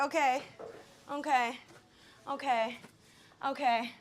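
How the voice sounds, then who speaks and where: A woman live streaming while she cooks, chatting casually to her viewers, flustered, swearing and talking herself back into calm. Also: fairly high pitch, slow, long pauses.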